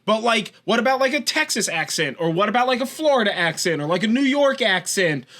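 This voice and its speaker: A man with a Californian accent co-hosting a casual podcast chat, his voice sitting a little higher than most men's. He rambles through his points, swears easily and laughs along the way. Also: animated, fairly quick, bright, forceful tone. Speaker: podcast co-host.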